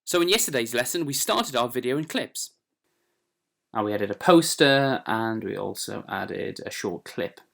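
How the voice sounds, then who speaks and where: A man's voice: mid-range voice, big pitch swings, normal speed, creaky, fairly bright tone. A man presenting an online writing lesson for children in a friendly, explanatory way with frequent fillers. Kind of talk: classroom lesson video.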